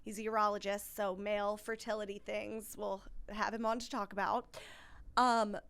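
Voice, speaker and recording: A woman's voice: mid-range voice, level tone, normal speed, a bit bright, clean tone. A young adult woman hosting a podcast in casual chat, effusive and enthusiastic, often laughing. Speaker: podcast host.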